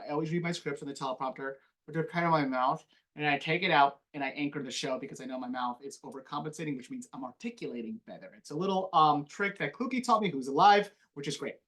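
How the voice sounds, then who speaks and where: A man who works as a TV news anchor, giving a casual classroom lecture on voiceover with animated, quick talk and a slight mumble. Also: on the high side.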